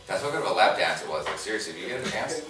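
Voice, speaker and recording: A man in his thirties doing crude, animated stand-up comedy, often breaking into laughs, on stage in a large convention hall. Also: low-pitched, rapid-fire, faint music behind. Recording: echoey hall recorded from far off, noisy.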